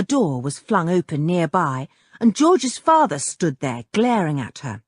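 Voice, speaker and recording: A woman reading a children's novel aloud as an audiobook narrator, with expressive storytelling. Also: low-pitched, a little slow, husky, no echo, studio quality.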